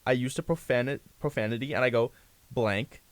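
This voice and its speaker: A man's voice: mid-range voice, fast talker, dry recording. A young man, a guest on a talk show, casually telling a long story, full of fillers, restarts and "you know".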